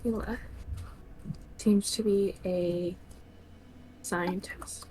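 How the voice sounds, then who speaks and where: A woman's voice: medium pitch, steady tone, very slow, dark tone, a little hiss or hum, poor audio. A woman playing a tabletop game, speaking casually with hesitations. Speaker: player.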